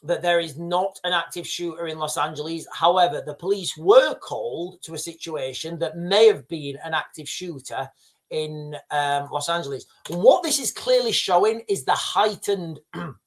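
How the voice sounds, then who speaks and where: A man's voice: on the high side, a bit bright. A man hosting a casual livestream, rambling through the news with many fillers and restarts. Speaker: livestream host. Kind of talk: casual live commentary.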